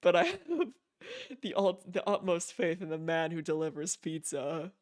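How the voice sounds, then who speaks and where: A man voicing a male letter-writer in an ornate, old-fashioned style, reading each stilted sentence with ceremony. The voice sits high for a man and sounds smooth and resonant. The delivery is mannered and formal throughout. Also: fairly even intonation, normal speed, lightly acted. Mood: mock-formal.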